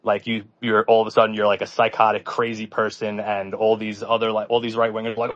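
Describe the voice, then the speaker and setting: Brief: a low-voiced male co-host, flat and matter-of-fact, dull dry mic sound. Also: quick pace, few pauses. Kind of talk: casual podcast chat.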